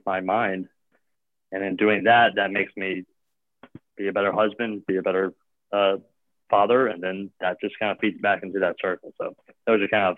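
A man's voice: low-pitched, dry recording. Rambling man on a tinny line. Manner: rambling, heavy with filler words and restarts. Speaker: guest; gym owner or coach. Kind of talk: casual chat. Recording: tinny phone-like line, dry.

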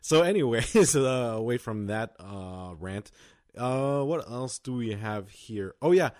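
A man's voice: mid-range voice, expressive, a little slow, a little mellow, no room sound, clean studio sound. A young man co-hosting a podcast, chatting casually with lots of fillers. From Los Angeles County. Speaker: podcast co-host. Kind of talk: casual chat.

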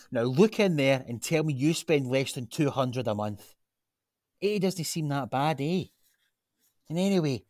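A man's voice: mid-range voice, no echo, studio quality, natural voice. A man playing an earnest Glaswegian local. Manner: earnest, persuasive, animated. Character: earnest local man, grandson of a chip-shop cook. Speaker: local man pitching a gym. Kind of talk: radio drama acting.

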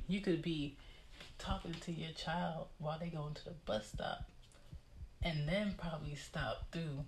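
A woman's voice: deep voice, slight background noise. A woman giving a blunt, lecturing monologue in a casual vlog, recorded in her home hallway. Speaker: vlogger.

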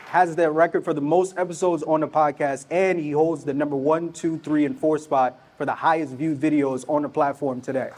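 Earnest podcast host on a live stage. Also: male voice, on the high side, steady tone, normal speed, few pauses, darkish tone, slight background noise. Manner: earnest, hypes up the audience. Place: conference stage before a live audience.

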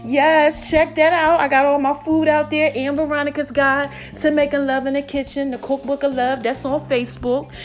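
A woman's voice: sits high, flat delivery, moderate pace, hardly any pauses, soft background music. A woman from South Jersey hosting her own podcast in a casual monologue, playful and sassy, calling her listeners "babies" and herself "Mama". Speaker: podcast host.

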